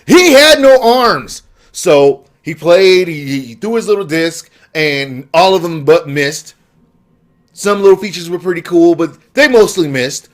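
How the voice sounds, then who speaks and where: Annoyed gamer guy venting, kinda high voice, sarcastic. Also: measured pace. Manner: heated, exasperated, sarcastic. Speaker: gaming vlogger. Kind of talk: angry rant.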